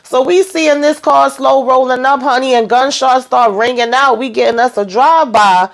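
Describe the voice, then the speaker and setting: A woman's voice: high voice, moderate pace. A woman vlogger giving a casual, sassy episode recap, chatty and swearing freely.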